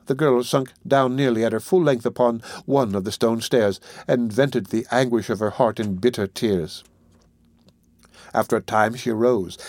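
A man reading a classic novel aloud as narrator, steady and measured. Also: medium pitch, dry recording, clean studio sound.

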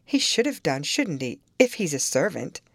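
A woman voicing a spoiled, haughty young girl who is imperious and quick to tears, in a storybook reading. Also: low-pitched, sing-song, gravelly, breathy edge, no echo, clean studio sound, exaggerated voice. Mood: questioning. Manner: demanding, indignant, quick to tears.

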